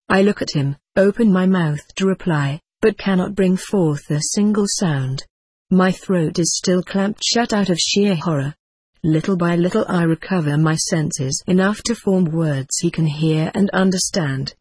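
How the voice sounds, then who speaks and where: A woman narrating a first-person memoir in a measured, somber storytelling manner. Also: on the low side, a little mellow, breathy edge, no echo. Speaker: audiobook narrator.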